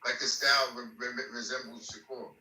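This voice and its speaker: A man speaking casually in a hesitant, offhand, low-key way. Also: little pitch movement, fairly quick, bright, forceful tone, echoey room. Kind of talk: casual chat.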